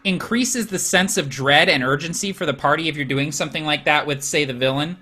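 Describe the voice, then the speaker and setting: A man in a casual gamer chat, self-deprecating and quick to laugh. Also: on the high side, bright, forceful tone. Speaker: game master of his own show.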